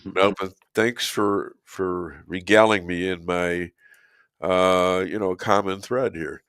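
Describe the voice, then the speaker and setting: An older man hosting a talk show, hoarse from losing his voice, rambling and joking between filler pauses. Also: low-pitched, fairly even intonation, a bit bright, dry recording, studio quality. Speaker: show host. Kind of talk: casual talk show chat.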